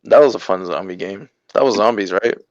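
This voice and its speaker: A laid-back young man co-hosts a podcast in a low, smooth voice, speaking slowly and laughing often. His sound is slightly dull and dry, like a basic home mic. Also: dry recording. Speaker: podcast co-host. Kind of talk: casual chat.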